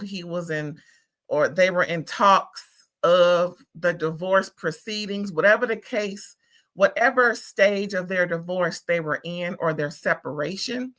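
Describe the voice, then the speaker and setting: Sassy, bright-voiced woman recapping reality TV. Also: fairly low pitch. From California. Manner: sassy, opinionated, slangy. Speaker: reality TV reviewer. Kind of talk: casual recap commentary.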